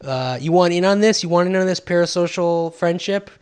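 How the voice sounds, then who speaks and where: A man with a slightly high voice chats loosely as a podcast co-host. He rambles in a sardonic, dry way and often restarts his sentences with fillers. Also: fairly quick, darkish tone, smooth. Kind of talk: casual chat.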